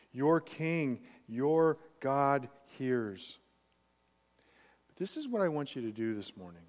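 A man preaching a sermon as pastor, emphatic, swinging between quiet and loud passages. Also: mid-range voice, animated, slow pace, long reverb tail.

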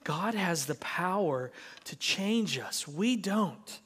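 Slow high-voiced male preacher in a hall. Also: expressive, fairly bright tone, husky. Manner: emphatic, with rhetorical questions. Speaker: pastor. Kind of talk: sermon.

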